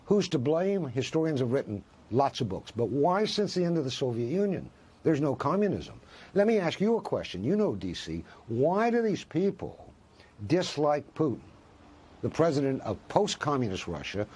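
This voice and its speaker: A man's voice: a little high, big pitch swings, moderate pace, a little mellow, slightly rough. A man, a professor, speaking as a guest in a news interview, arguing with passion and rhetorical questions. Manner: impassioned, argues with rhetorical questions.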